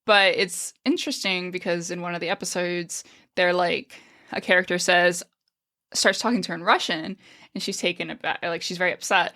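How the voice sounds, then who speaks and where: A woman's voice: fairly low pitch, fairly even intonation, moderate pace, sharp tone. A woman co-hosting a podcast in casual chat, chatty, laughing often and swearing freely. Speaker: podcast co-host.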